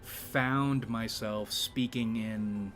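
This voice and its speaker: A man hosting a YouTube channel in a rambling, casual monologue, speaking in a deliberately low register with a slight vibrato. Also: steady tone, a bit bright, faint music behind. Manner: rambling, with frequent restarts and profanity.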